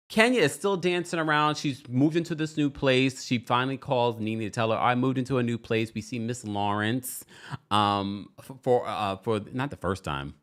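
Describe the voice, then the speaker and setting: A chatty man with a fairly low voice hosts a casual live stream. His pitch swings widely and animatedly as he talks and reads out viewer comments. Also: a bit bright. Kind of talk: casual live recap chat.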